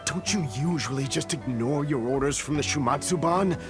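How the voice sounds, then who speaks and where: A man's voice: a little high, normal speed, music in the background, natural voice. A man playing a sly, nervous male official. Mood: surprised.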